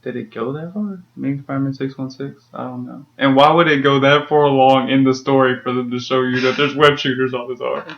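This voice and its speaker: A man's voice: medium pitch, steady tone, fairly quick, vocal fry, few pauses. A young man co-hosting a podcast, ranting in casual chat and laughing easily. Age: young adult. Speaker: podcast co-host. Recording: dull lo-fi audio with faint noise.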